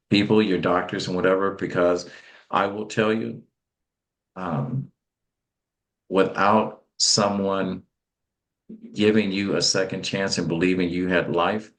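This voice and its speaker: Man, interview host, very deep voice, emphatic chatty delivery. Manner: emphatic and chatty, with stammered repeats.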